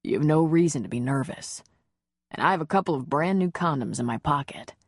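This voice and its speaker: A woman reading the part of a gentle, confident man in an audiobook romance, speaking in a low, reassuring murmur. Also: animated, brisk, no echo, clean studio sound. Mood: tender. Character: tender confident adult man, a lover.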